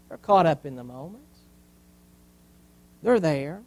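A high-voiced man preaching from the pulpit. He hammers points with repetition and lets his voice fall to a hush for effect before rising again. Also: animated, measured pace, long pauses, poor audio. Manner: preaching with swings from loud emphasis to quiet, repeated phrases. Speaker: pastor. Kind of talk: sermon.

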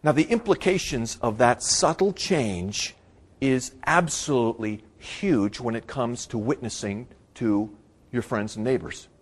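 A man preaching a sermon. He swings from loud, emphatic bursts to quiet asides and repeats his key phrases for weight. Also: medium pitch, measured pace, slightly rough. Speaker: pastor.

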